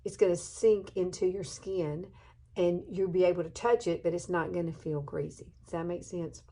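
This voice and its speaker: Woman, fifties, tired, soft and hesitant, makeup vlog chat, lowish voice. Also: steady tone, moderate pace. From southern United States. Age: 50s. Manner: soft-spoken, hesitant, emotional at times. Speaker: beauty vlogger. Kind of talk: casual makeup tutorial chat. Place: at home.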